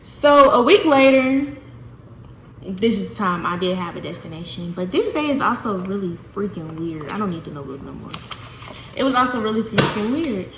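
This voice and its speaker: A young woman telling a casual storytime to her viewers, animated and chatty, often calling them y'all. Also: mid-range voice, moderate pace. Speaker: vlogger. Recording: echoey room with faint noise.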